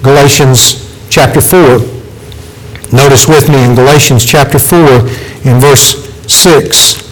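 A man's voice: mid-range voice, steady tone, slow, slight background noise, rough recording. A man preaching a sermon, earnest and pleading, voice climbing for emphasis.

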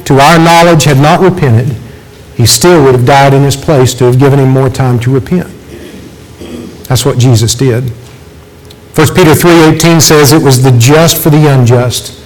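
A man's voice: medium pitch, low-quality recording. A man preaching a sermon, earnest and pleading, voice climbing for emphasis.

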